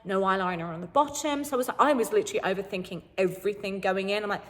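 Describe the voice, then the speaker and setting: A young woman talking casually to camera about being a game show contestant, chatty and animated, laughing often. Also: medium pitch, quick pace, in a large hall.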